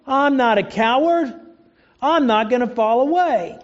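A man's voice: extremely high pitch, lively intonation, unhurried, voice pushed up. A man voicing a boastful, self-assured apostle who insists he is strong, in a dull lo-fi recording. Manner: insistent, proud.

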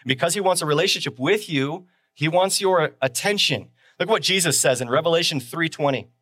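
Conversational pastor, higher-pitched man. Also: fairly quick, a bit bright, no room sound, studio quality. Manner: conversational, repeats key phrases and asks rhetorical questions. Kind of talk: sermon on a live stream.

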